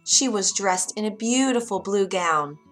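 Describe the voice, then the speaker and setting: A woman narrating a children's fairy tale in an expressive storytelling voice. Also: mid-range voice, unhurried. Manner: expressive, does character voices. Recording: faint music behind.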